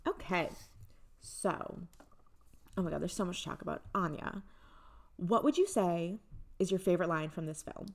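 A young woman co-hosting a casual podcast, her voice sitting on the lower side. She talks with easy enthusiasm and swears freely. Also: moderate pace, gravelly, long pauses. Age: young adult. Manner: enthusiastic, profane. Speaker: podcast co-host. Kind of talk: casual chat.

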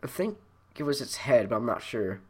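A man's voice: medium pitch, big pitch swings, moderate pace, slightly rough. Young man rambling through a casual story. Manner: rambling, laughing storytelling, many fillers and restarts. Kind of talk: casual chat.

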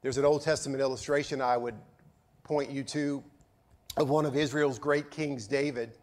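A male pastor preaching a sermon in a storytelling manner, with a touch of sarcasm, moving from loud to hushed. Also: mid-range voice, fairly even intonation, moderate pace.

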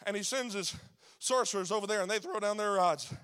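A man preaching a sermon, rising into shouted, sing-song preaching. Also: sits high, brisk, smooth. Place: church sanctuary.

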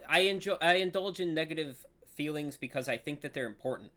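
A man's voice: on the high side, brisk, sharp tone. Earnest, reflective man in casual chat. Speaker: podcast co-host.

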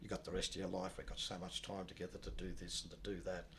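A man telling a personal story in a rambling, halting way, often dropping low and quiet. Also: level tone, vocal fry, a little hiss or hum. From Australia. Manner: rambling, many restarts, low and subdued when recalling loss. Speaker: guest telling his life story. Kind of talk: casual spoken storytelling.

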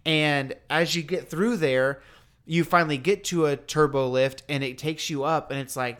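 A man chatting casually on a podcast, retelling an experience in an animated, slangy way and acting out the lines people said. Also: fairly high pitch, moderate pace, clean tone. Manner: slangy, laid-back. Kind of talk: casual chat.

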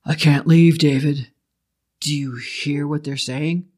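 A man's voice: fairly high pitch, fairly even intonation, takes it slowly, darkish tone. A man voicing a desperate young man who speaks in a strained, urgent way. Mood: entranced.

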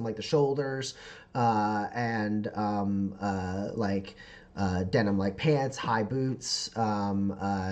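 A man narrating as game master in a tabletop game, talking in a halting way with lots of "like" and "uh". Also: on the low side. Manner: halting, full of fillers like "like" and "uh".

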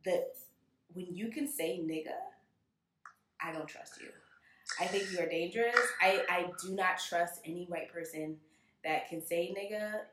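Animated woman host in a roomy space. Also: fairly low pitch, a little slow, long pauses, a little hiss or hum. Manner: animated, acts out quoted exchanges. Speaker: podcast host. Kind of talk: casual conversation.

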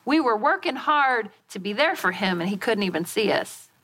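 A middle-aged woman pastor preaching a sermon, telling a story in a folksy, animated way. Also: mid-range voice, normal speed.

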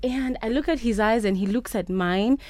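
A young woman from Kenya, a guest in a radio studio, telling stories in a chatty, animated way. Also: on the high side, moderate pace, dry recording. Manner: chatty, animated storytelling with quoted voices. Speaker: podcast host and interview guest.

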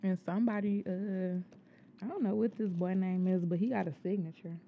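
A laid-back woman co-hosting a podcast, answering briefly and chuckling as she tells her story. Her middle-pitched voice carries a gravelly, creaky edge, with faint background noise behind her. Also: fairly even intonation, brisk, phone-quality sound. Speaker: podcast co-host. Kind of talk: casual chat.

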